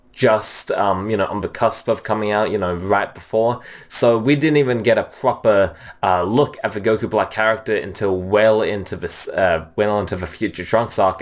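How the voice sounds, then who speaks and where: A man giving casual spoken commentary as a video reviewer, rambling and leaning heavily on fillers. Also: lowish voice. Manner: rambling, heavy on "you know" and "um" fillers.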